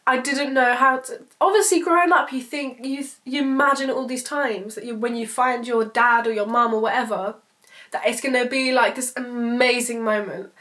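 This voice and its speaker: A woman's voice: fairly high pitch, fairly even intonation, moderate pace, fairly bright tone. A woman, telling a personal story to camera in a rambling, emotional way, swearing freely. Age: 20s. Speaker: vlogger. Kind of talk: casual storytelling vlog.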